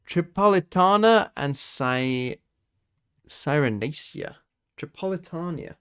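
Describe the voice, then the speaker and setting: On a casual live stream, a young British guy speaks slowly in a fairly high, expressive voice that's bright, clear and resonant. Keyboard clicks sound behind him as he swears, thinks aloud, quizzes himself and addresses chat.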